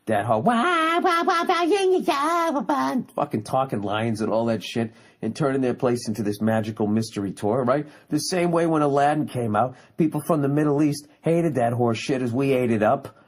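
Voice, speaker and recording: A man's voice: mid-range voice, fairly quick, hardly any pauses, darkish tone. A man hosting a podcast alone, ranting sarcastically and profanely, with occasional mocking impressions. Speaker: podcast host. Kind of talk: solo ranting monologue. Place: on vacation away from home.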